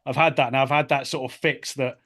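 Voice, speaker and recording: A man's voice: mid-range voice, fairly even intonation, a little fast, fairly bright tone. A man hosting a podcast interview, chatting casually, blunt and swearing freely. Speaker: podcast host.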